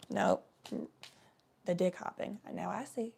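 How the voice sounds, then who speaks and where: A woman's voice: medium pitch, slow, vocal fry, a little mellow, slightly rough. A woman chatting casually on a live stream, giving a tarot reading in a rambling, swearing way.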